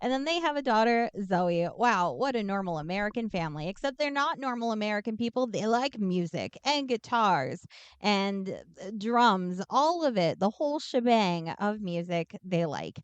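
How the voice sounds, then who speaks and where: A woman co-hosting a podcast, giving a casual, irreverent, profane recap of a film and tossing off quick character voices. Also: mid-range voice, very animated, clean tone, dry recording, muffled recording. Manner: irreverent, swears freely, acts out characters in quick asides. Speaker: podcast co-host summarizing a film. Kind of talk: casual comedic movie recap.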